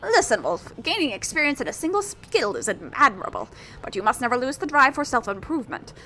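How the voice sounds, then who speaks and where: A woman reads video game dialogue as an eccentric, boastful old male dojo master, using a slightly British put-on accent and a theatrical, grandiose delivery. She's brisk and sing-song, high-pitched and sharp-toned, with her voice pushed up into a full character voice over slight background noise.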